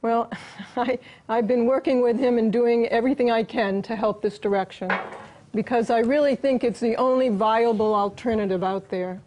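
A woman's voice: a little high, steady tone, moderate pace, a little mellow, slight background noise. A woman answering as an interview guest, earnest and explanatory.

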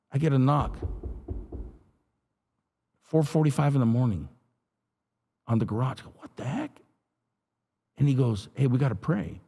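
A middle-aged man, a pastor, telling his testimony in an animated, street-talking way. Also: lowish voice, breathy edge. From Los Angeles area. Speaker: pastor and guest. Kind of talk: storytelling testimony.

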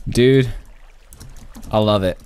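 A man casually commentating his own Minecraft play, excitable and laughing often. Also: fairly low pitch, smooth. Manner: excitable, laughs often, shrieks when startled. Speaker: Minecraft YouTuber.

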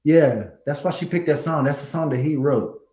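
A middle-aged man, a guest singer, telling stories in a casual interview, animated and laughing. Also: a little high, normal speed, roomy sound, rough recording.

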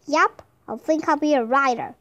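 A woman's voice: high voice, moderate pace, a bit bright, no echo, dull audio. A woman voicing an easygoing adult male cowboy with a folksy, laid-back way of talking.

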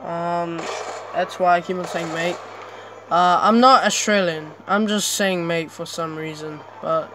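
A young man commentating his own gameplay, chatty and excitable, with sudden yelps between rambling asides. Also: sits high. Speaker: gamer. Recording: clear background noise.

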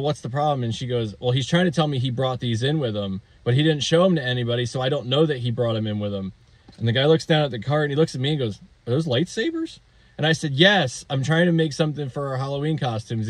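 A man's voice: medium pitch, darkish tone, no echo. A man vlogging about a DIY project, telling a shopping story in a casual, rambling, amused way with fillers and restarts.

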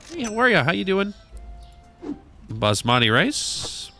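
Lively, bright-voiced man playing a game. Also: sits high, measured pace, long pauses, faint music behind. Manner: animated, joking, swears and talks to game characters. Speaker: gaming video creator. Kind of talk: casual gameplay commentary.

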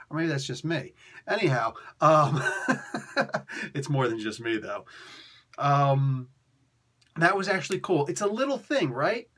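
A man with a husky, somewhat raised voice talks through a comic book review. He rambles and restarts his sentences, and his delivery stays lively and chatty the whole way. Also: a little high, normal speed. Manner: animated, rambling, frequent fillers and restarts. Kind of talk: casual video review.

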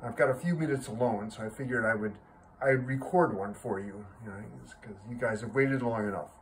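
A man's voice: mid-range voice, brisk, slight background noise, poor audio. A man in his sixties at home, casually telling a joke to his viewers with a self-amused chuckle. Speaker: joke teller.

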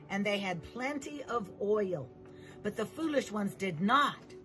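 A woman giving a children's Bible lesson as a church teacher, telling the story with slow emphasis. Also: mid-range voice, fairly bright tone, rough recording.

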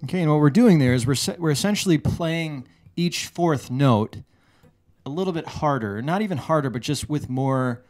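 A man teaching a guitar lesson, explaining a lick step by step in a measured way, often restarting his phrases. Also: a little high, animated, darkish tone. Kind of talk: relaxed instructional explanation. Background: guitar playing.

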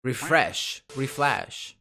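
A man hosting a casual reaction video, giddy and excitable, swearing and laughing often. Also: medium pitch, extremely slow, vocal fry, faint music behind.

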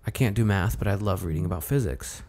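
A man's voice: low voice, fast, darkish tone. A man co-hosting a podcast, chatting casually with blunt opinions and jokes. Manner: opinionated, joking. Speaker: podcast co-host. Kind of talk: casual chat.

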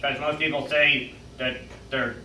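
A man's voice: medium pitch, steady tone, a little slow, sharp tone, slight background noise, voice pushed down. A man voicing a joke-telling blackbird puppet who is pleased with himself, recorded from a distance in an echoey room. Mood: joking. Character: wisecracking talking blackbird puppet named Wallace.

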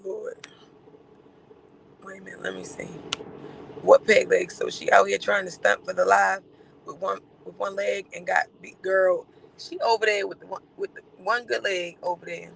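A man doing livestream gossip commentary in a sassy, campy, teasing way, with drawn-out exclamations and laughter. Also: high-pitched, steady tone, creaky, fairly bright tone, husky, poor audio.

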